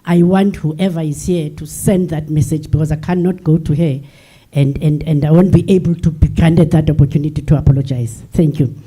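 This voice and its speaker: A woman's voice: low-pitched, steady tone, fairly quick, mellow, slightly rough. Earnest older woman addressing a forum. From South Africa. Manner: earnest, emotional, repeats herself. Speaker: sector delegate at a forum. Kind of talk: impassioned floor address. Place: large conference hall.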